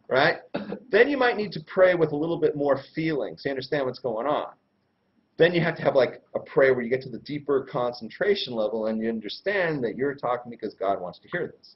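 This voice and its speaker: A man giving a casual religious lesson in a slangy, irreverent, animated way, full of everyday examples. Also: mid-range voice, normal speed. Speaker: Torah teacher and host. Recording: dull lo-fi recording.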